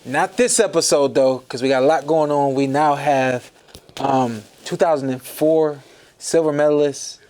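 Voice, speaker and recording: Brief: easygoing male podcast host, slightly high voice, casual delivery. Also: moderate pace, a little mellow, clean tone. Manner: laid-back, laughing.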